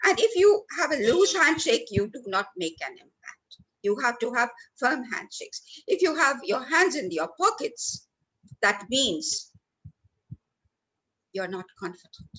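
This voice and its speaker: A woman's voice: on the high side, very animated, a little slow, pushed and bright, rough recording. A woman leading a training workshop, stressing words for effect and speaking to listeners by name. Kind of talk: lively training talk. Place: lecture hall.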